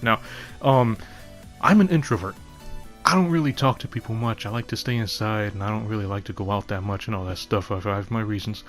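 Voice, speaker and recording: A man's voice: mid-range voice, fairly bright tone. Laughing, rambling man ranting casually. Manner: rambling, laughs often, swears freely. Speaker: vlogger. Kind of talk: casual rant to camera.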